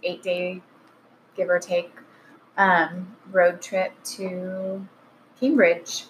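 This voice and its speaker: A woman's voice: on the low side, monotone, extremely slow, rough recording. Chatty woman guest, earnest storyteller, a little hiss behind her. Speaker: podcast guest. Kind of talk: casual podcast chat.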